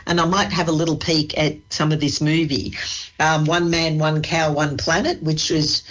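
A woman's voice: low-pitched, level tone, moderate pace, a bit bright. An Australian woman who works at a library, chatting with enthusiasm in a radio interview and laughing easily. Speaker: library staff guest.

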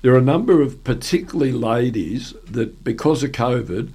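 A man interviewing a guest in casual chat, asking rambling follow-up questions and clearing his throat at times. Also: medium pitch, animated, normal speed, mellow. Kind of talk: casual radio-style interview.

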